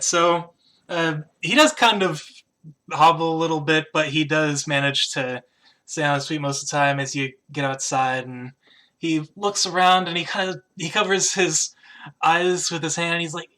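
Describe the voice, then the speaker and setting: A man narrating as game master of a tabletop game, in a casual, halting way with many fillers. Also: a little high, fairly even intonation, pushed and bright.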